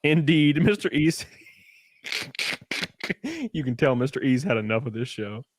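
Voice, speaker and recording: A tipsy man co-hosting a podcast, chatting crudely and animatedly, often laughing and breaking into high mocking voices. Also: a little slow, dry recording, studio quality. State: a little drunk. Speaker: podcast co-host. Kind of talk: casual crude banter.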